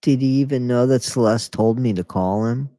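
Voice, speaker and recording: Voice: medium pitch, moderate pace, mellow, dry recording, clean studio sound. A host reading a memoir aloud, breaking in with mocking, sarcastic comments and frequent laughter.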